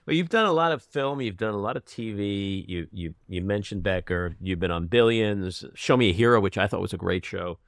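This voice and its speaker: A man's voice: lowish voice, lively intonation, fairly quick, hardly any pauses, dry recording, studio quality. A man hosting an interview, asking questions from prepared notes. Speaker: host.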